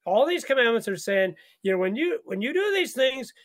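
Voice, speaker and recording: His voice is very high and a little fast as he leads a chatty Bible study on the radio. Animated and quick to laugh, he tends to repeat words as he works through his thoughts.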